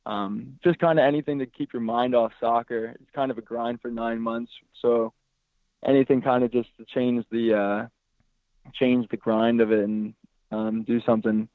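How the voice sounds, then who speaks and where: A man with a hoarse, raspy voice, a goalkeeper talking casually in an interview, relaxed and rambling with fillers. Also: mid-range voice, moderate pace, dry recording. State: hoarse from yelling. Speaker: goalkeeper guest. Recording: dry tinny phone-like line.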